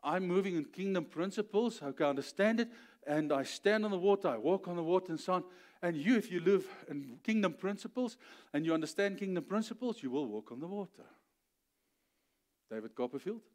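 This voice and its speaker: Animated high-voiced pastor preaching. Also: male voice, brisk. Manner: animated storytelling, acts out voices, rising to emphatic peaks; checks in with "okay?" often. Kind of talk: sermon.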